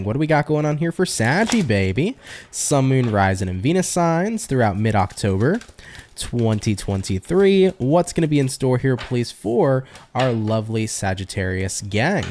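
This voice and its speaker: Animated man giving a tarot reading. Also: medium pitch, a little hiss or hum. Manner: animated, chatty, addresses viewers directly. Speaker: tarot reader.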